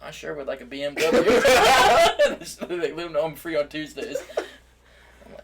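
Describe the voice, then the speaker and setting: A man's voice: fairly high pitch, very animated, creaky, very noisy. Laughing young man telling stories. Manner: laughing storyteller, quick asides. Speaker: podcast co-host. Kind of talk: casual chat.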